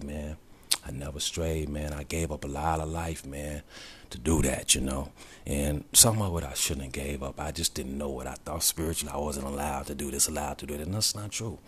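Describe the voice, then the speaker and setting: A man's voice: a bass voice, husky. A middle-aged man talking earnestly and from the heart to his regular audience in a personal vlog, often saying "man" and sinking to a near whisper. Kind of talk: personal confessional monologue.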